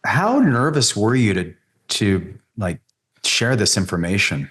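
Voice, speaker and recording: A man hosting a podcast interview, asking curious, hesitant questions with pauses and fillers. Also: fairly low pitch, sing-song, a bit bright. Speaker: podcast host. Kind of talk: conversational interview.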